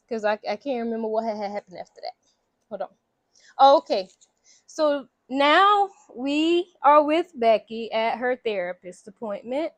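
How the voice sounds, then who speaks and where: A woman casually retelling a movie plot in slangy, animated storytelling, acting out the characters' lines. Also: high-pitched, no echo. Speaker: vlogger recapping a movie.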